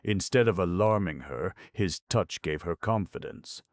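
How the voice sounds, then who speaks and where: A man narrating an audiobook in a measured, expressive reading. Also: low-pitched, no echo, clean studio sound. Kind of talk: scripted narration.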